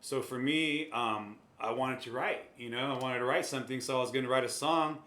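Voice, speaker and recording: A man's voice: medium pitch, fairly quick, bright, forceful tone. A man answering interview questions in an easygoing way, laughing often and hesitating as he talks. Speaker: guest, music label owner. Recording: roomy echo.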